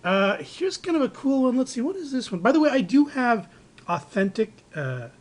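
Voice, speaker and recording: A man's voice: extremely high pitch, very animated, moderate pace. A man casually showing off collectibles on camera, rambling with many fillers and restarts, recorded indoors on a handheld camera. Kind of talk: casual show-and-tell narration. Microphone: handheld camera microphone.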